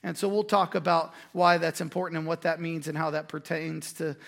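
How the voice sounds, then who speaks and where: A man preaching a sermon in a conversational way, with quick asides and restarts. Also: fairly high pitch, little pitch movement, vocal fry, fairly bright tone. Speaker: pastor.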